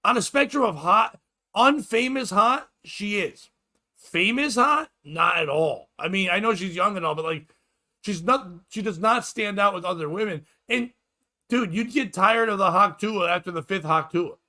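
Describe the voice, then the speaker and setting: A high, bright male voice riffing in loose comedic banter. He swears freely, jokes sarcastically, and slips into little acted-out quotes as he talks. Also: animated, moderate pace. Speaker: podcast host, comedian. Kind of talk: casual comedic chat.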